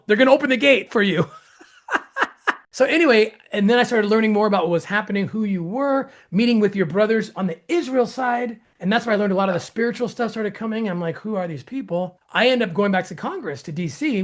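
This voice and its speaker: A man hosting an interview tells a long story with excitement. He acts out the voices of other people, with his pitch jumping up sharply, restarts often, and laughs as he goes. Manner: excitable, acts out quoted dialogue with jumps in pitch. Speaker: host.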